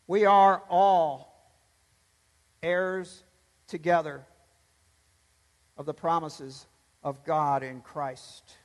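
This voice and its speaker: A man's voice: sits high, big-room sound. A pastor preaching a sermon, emphatic, swelling and dropping his voice to stress points.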